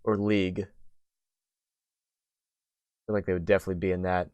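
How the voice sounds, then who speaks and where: A man's voice: deep voice, level tone, a little fast, a little mellow, clear, resonant tone, no room sound, lo-fi sound. A young man hosting a casual gaming podcast, talking in a rambling way full of "like" and restarts. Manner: rambling, many fillers and restarts. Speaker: podcast host.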